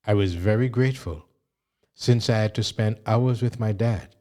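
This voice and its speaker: A man reading a memoir aloud in a measured, even narration. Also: on the low side. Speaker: audiobook reader.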